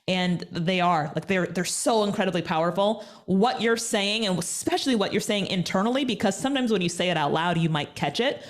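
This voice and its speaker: A woman guest in an interview, talking in an energetic, emphatic, motivational way. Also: mid-range voice. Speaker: guest, media personality. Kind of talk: conversational interview.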